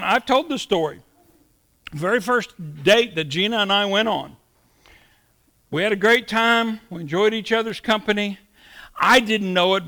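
A middle-aged man delivering a sermon in a high, ringing voice. His tone is bright and forward. He tells homespun stories and acts out the lines of the people in them. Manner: storytelling with acted-out quotes, folksy. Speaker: pastor.

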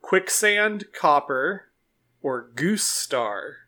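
A speaker in a casual comedy chat with a dry, deliberate delivery. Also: mid-range voice, expressive, pushed and bright.

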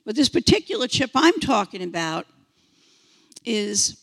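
Gravelly, slow-talking woman preacher in her sixties. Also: fairly high pitch, long reverb tail. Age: 60s. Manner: animated, mimics beeping sounds, repeats phrases for emphasis. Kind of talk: sermon.

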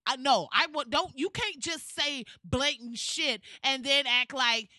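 A woman's voice: high-pitched, measured pace, hardly any pauses, sharp tone, no echo. A woman giving casual ranting commentary in a blunt, profane, fired-up way.

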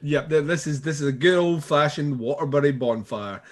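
A man's voice: on the high side, moderate pace. A man in casual chat recapping a TV show, mocking it, swearing freely and laughing often. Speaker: podcast co-host.

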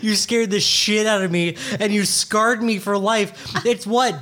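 A man's voice: high-pitched, fairly even intonation, a little slow, pushed and bright. A young adult man co-hosting a podcast, chatting casually with a teasing, profane humor. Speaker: podcast co-host. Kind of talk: casual chat.

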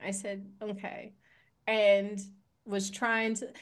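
A young woman co-hosts a casual podcast and tells a personal story in an animated way. Her voice sits a little high, and she fills her talk with "like" and laughs. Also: unhurried. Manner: animated storytelling with many likes, laughs often. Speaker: podcast co-host.

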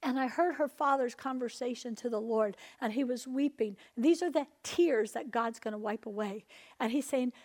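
A woman preaching a charismatic sermon, testifying with passion and swinging between hushed and loud delivery. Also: fairly high pitch, moderate pace.

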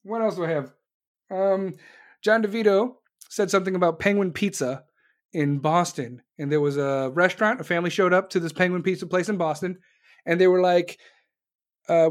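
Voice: mid-range voice, steady tone, brisk. An American host ranting about politics to viewers, blunt and sarcastic, with heavy swearing. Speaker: online show host. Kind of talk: profane political rant to viewers.

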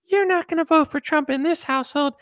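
A man mocking a bossy, controlling wife in a shrill, high put-on voice. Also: brisk, fairly bright tone, no room sound, studio quality. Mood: scolding. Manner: shrill, scolding.

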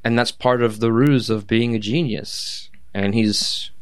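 Man, podcast co-host, smooth clear voice, hesitant casual musing. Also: fairly low pitch, fairly even intonation, a little slow. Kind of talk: casual chat.

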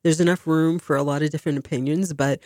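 A woman's voice: low-pitched, steady tone, fast, darkish tone, dry recording, studio quality. A woman hosting a community radio talk show, speaking casually and rambling with restarts.

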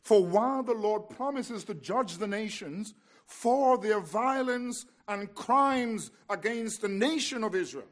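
A man with a notably high voice delivers an expository sermon. He tells it as a story, dropping to hushed lines and then pressing hard on key words. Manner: dramatic storytelling, swings from hushed to emphatic. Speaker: preacher.

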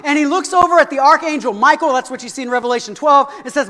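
A middle-aged man preaching a sermon, animated and conversational with touches of humor. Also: extremely high pitch, fast, few pauses. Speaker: pastor. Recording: long hall reverb.

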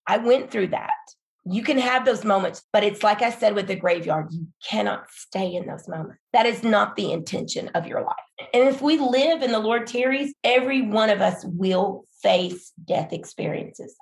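A woman's voice: a little high, creaky. A middle-aged woman, a pastor's wife, telling her story in an earnest, emphatic, encouraging way on a faith podcast. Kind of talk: faith-based podcast conversation.

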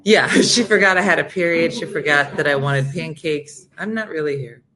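A woman's voice: low-pitched, moderate pace, crowd noise. A middle-aged woman hosting a morning show, chatting casually with jokes and rambling asides. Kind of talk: casual chat.

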